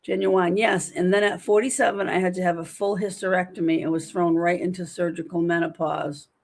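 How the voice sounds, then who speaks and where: A woman in her fifties runs a casual livestream from home, chatting animatedly and reading viewers' comments aloud. Her voice is lowish and gravelly, her delivery flat and brisk.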